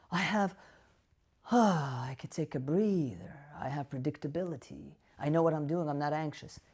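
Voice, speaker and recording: A man's voice: a little high, darkish tone. A man, a doctor hosting an educational talk to camera, speaking emphatically, asking the viewer rhetorical questions and repeating key words for stress. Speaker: doctor and show host.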